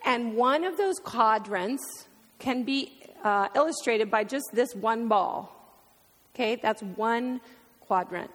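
A woman's voice: on the high side, slow pace. A woman preaching a heartfelt sermon in a church, speaking openly about grief and sometimes through tears. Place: church sanctuary. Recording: long hall reverb.

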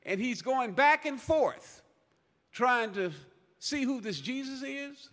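A man delivers a sermon in a high, sharply bright voice, pressing his points by repeating key phrases and swelling to loud peaks. His words ring out with a long reverb, as in a large church sanctuary. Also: lively intonation, takes it slowly. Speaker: preacher.

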